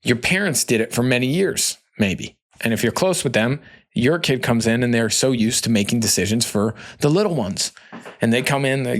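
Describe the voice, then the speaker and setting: A man's voice: medium pitch, normal speed. An American man in his thirties, hosting a candid solo podcast in a loose, conversational way, with lots of "like" and "you know". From United States. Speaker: podcast host.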